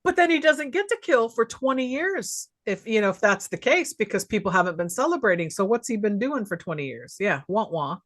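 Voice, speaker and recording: A woman's voice: mid-range voice, sing-song, a little fast, few pauses, fairly bright tone. A woman co-hosting a podcast, recapping a film in casual chat and laughing often as she goes. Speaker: podcast co-host.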